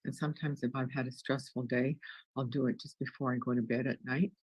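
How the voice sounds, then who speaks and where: Upbeat wellness guest with a husky voice. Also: medium pitch, steady tone, brisk, no room sound, poor audio. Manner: upbeat, jokey, restarts words. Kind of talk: interview.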